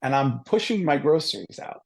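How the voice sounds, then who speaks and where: A middle-aged man telling stories in a casual podcast chat, animated and full of swearing. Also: fairly high pitch, a little fast, creaky. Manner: animated, profane storytelling. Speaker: podcast guest.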